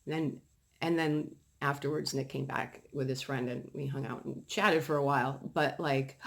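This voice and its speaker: Woman from New England, casual ranting vlogger, emphatic and swearing, lively voice. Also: sits low, moderate pace, gravelly. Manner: heated, profane, emphatic ranting.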